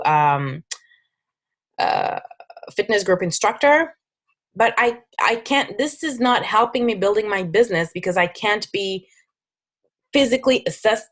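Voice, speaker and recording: A woman with a French accent, a fitness business coach giving a casual, persuasive recruiting presentation with frequent restarts. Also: medium pitch.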